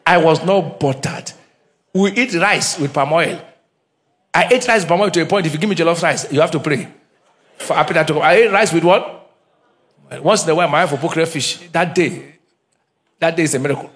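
Animated pastor preaching. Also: male voice, high voice, brisk. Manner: animated, humorous preaching with call-and-response and Pidgin asides. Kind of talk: sermon. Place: church.

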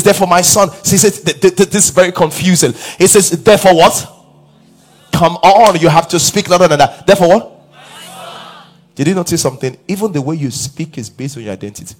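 Husky guy preaching, voice kinda high, swings up and down a lot, quizzes the crowd, faint music under it. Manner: emphatic preaching with call-and-response questions and rising shouts. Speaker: pastor. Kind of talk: sermon.

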